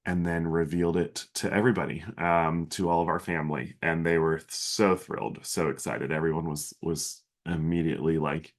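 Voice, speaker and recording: A man's voice: very deep voice, flat delivery, normal speed, few pauses. A man in his thirties hosting a podcast, telling a personal story in an earnest, emotional way with many fillers and restarts. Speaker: podcast host.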